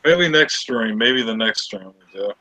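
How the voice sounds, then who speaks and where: A man's voice: on the low side, expressive, moderate pace, sharp tone, no echo. A man co-hosting a casual live-stream chat, teasing and joking. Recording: dull dry mic sound.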